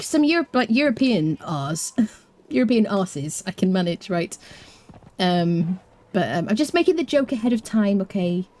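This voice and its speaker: An English woman streaming a game, chatting casually and playfully with her viewers and often dropping into quiet asides. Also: on the low side, slight background noise. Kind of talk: casual live-stream chat while gaming.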